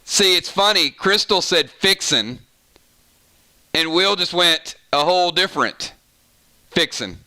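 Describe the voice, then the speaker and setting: A man's voice: high-pitched, moderate pace, few pauses, pushed and bright, clear, resonant tone. A man with a Southern American accent, hosting a casual live-stream chat and playfully arguing opinions with viewers. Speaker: gaming channel host.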